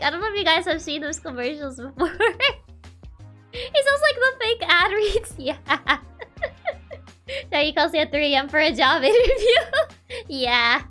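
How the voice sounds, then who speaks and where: Giggly high-voiced woman streamer. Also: bright, forceful tone. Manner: giggly, laughs often between remarks. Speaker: virtual streamer. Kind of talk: casual livestream chat with viewers.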